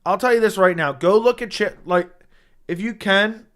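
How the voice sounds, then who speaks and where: A young man hosting a casual fight-talk livestream, excitable and rambling, swearing often, with a voice he says is going hoarse. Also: high-pitched, normal speed. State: losing his voice. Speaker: MMA livestream host. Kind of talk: casual livestream chat reading chat.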